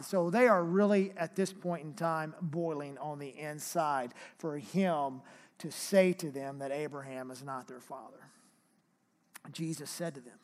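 A man preaching a sermon, reading scripture aloud with emphatic, drawn-out phrasing. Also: on the high side, fairly even intonation, in a large hall. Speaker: pastor.

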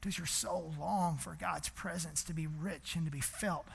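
A man preaching a sermon as pastor in a church, impassioned, swinging between hushed and loud. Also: on the high side, steady tone, normal speed, vocal fry, husky, big-room sound.

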